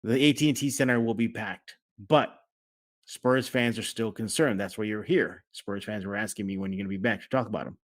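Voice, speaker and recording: A man's voice: fairly low pitch, brisk. A man hosting a casual sports podcast, talking with energy and acting out fan reactions. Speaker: podcast host.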